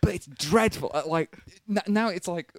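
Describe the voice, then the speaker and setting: A man's voice: sits high, moderate pace, dry recording. A man co-hosting a podcast in casual chat, rambling and swearing freely. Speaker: podcast co-host.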